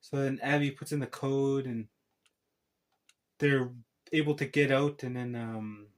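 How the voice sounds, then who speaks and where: A man's voice: mid-range voice, fairly even intonation, unhurried. A man giving a casual spoken film recap as a reviewer, rambling through a tangled retelling full of restarts.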